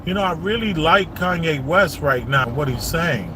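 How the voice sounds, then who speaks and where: A man commenting on a vlog in a casual, animated way, voice climbing when he gets incredulous. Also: a little high, moderate pace, noisy background. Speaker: vlogger.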